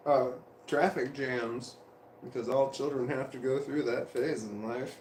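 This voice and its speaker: A middle-aged man livestreams from a home room where a fan runs, his mid-range voice darkish, fairly even, and measured in pace. Roomy sound and slight background noise accompany his meandering, self-correcting self-talk, full of chuckles and repeated coughing.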